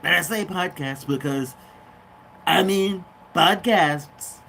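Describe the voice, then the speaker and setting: A pompous older politician, as a man impersonates one, drawing out every superlative as he brags. The voice sits a little high and moves slowly. A faint hiss runs underneath. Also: gravelly, bright, forceful tone, exaggerated voice. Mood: boastful. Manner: slow, drawn-out bragging with repeated superlatives. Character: boastful older male politician, pompous and self-praising.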